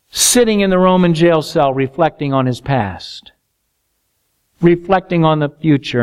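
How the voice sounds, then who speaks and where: A man preaching a Bible study sermon, expressive, acting out the scripture quotes. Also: high voice.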